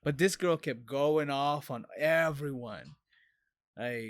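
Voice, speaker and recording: A man co-hosting a podcast, telling stories in a casual, profane, animated way. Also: on the high side, measured pace, dry recording, clean studio sound. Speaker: podcast co-host. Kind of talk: casual chat.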